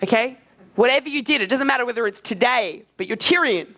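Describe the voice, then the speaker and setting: Energetic man coaching a live seminar. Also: very high-pitched. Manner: energetic, casual, swearing, quick asides. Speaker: social skills coach.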